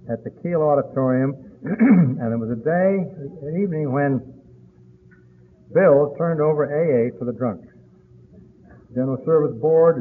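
An older man speaking to a meeting audience, telling a story in a folksy, unhurried way and often clearing his throat. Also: medium pitch. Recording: tinny lo-fi recording with faint hiss.

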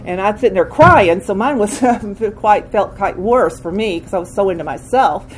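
An older woman sharing a candid personal recovery testimony, with frequent restarts and pauses. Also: mid-range voice, lively intonation, a little hiss or hum, rough recording. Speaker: speaker sharing a recovery story.

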